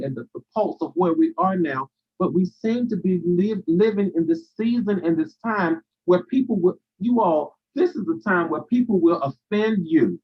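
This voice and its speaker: A man's voice: sits high, breathy edge, muffled recording. A man hosting a live stream, giving a motivational talk in a preacherly way, repeating phrases for emphasis and answering viewers' comments.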